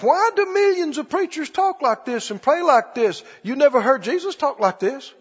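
A male preacher giving an animated, emphatic sermon, repeating lines for stress. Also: extremely high pitch, moderate pace. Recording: dull lo-fi recording with long hall reverb.

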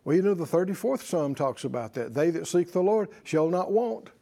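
A man's voice: fairly high pitch, expressive, moderate pace, dark tone. A man preaching a sermon to a congregation, emphatic and leading them in call-and-response. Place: church service with congregation.

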